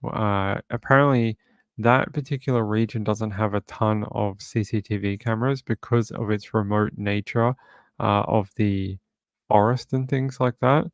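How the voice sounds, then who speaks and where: Gravelly-voiced man chatting on a livestream. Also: fairly low pitch, steady tone, unhurried, dry recording. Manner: chatty, reads viewer comments aloud. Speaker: true crime livestream host. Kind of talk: casual livestream chat. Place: home.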